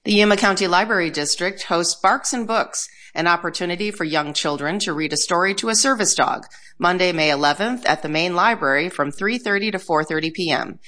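A woman reading a community announcement in an upbeat, clear manner. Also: lowish voice, sharp tone. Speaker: station announcer.

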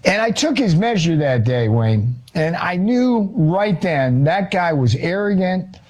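A male author and economist, a guest on a talk show, telling an animated story and acting out quotes, with casual swearing. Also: high voice, a little slow.

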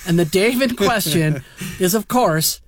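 A man hosting a radio show about old clips, chatty and quick to laugh. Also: high-pitched, lively intonation, no echo. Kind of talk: casual radio chat.

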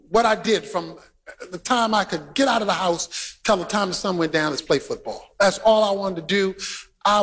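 A man preaching an emphatic sermon, often shouting lines, joking with the congregation and telling stories. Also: sits high. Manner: banters with the congregation and tells stories. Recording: live sermon with long hall reverb.

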